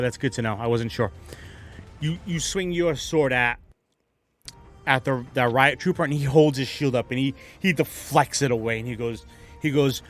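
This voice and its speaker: A man running a tabletop game as game master, narrating combat in a lively way and adding sound effects. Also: mid-range voice.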